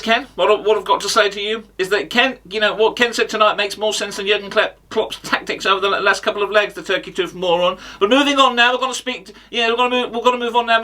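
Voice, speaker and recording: A man's voice: high voice, bright, forceful tone. A man impersonating a boastful, insulting male radio phone-in host in a comic sketch. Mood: brash. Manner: rapid, boastful, rude. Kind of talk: comic impression.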